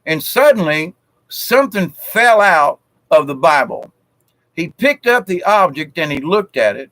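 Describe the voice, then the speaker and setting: This South Georgia man speaks a little slowly, his voice on the high side with lively intonation and a somewhat bright tone. Chuckling through folksy jokes on a live stream, he uses lots of fillers. The audio is dry and of poor quality.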